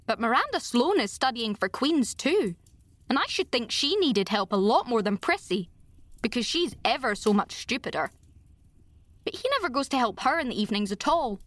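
A woman's voice: on the high side, sing-song, normal speed, a bit bright, no echo. A woman reading an audiobook, voicing an imaginative, talkative girl who speaks effusively and dramatically. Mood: chatty.

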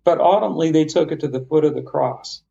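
A middle-aged man telling a personal family story as a podcast guest, heartfelt and passionate with halting restarts. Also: fairly high pitch, gravelly, dark tone. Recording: slightly muffled lo-fi sound.

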